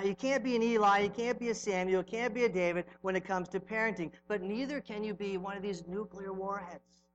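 A middle-aged male pastor preaching a sermon, telling stories with sudden swings from loud to hushed. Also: a little high, lo-fi sound, slight background noise.

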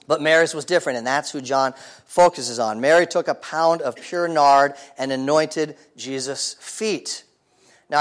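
A male pastor delivers a sermon in an easy, conversational way. His voice sits a little high for a man, and he keeps asking his listeners questions. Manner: conversational, rhetorical questions, frequent repeated starts.

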